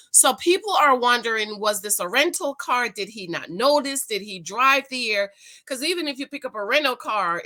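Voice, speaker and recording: A middle-aged woman chatting casually with viewers, reading a news item aloud and telling a personal story, acting out the voices in it. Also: pushed and bright. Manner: chatty storyteller, acts out exchanges with rising pitch. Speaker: commentary vlogger.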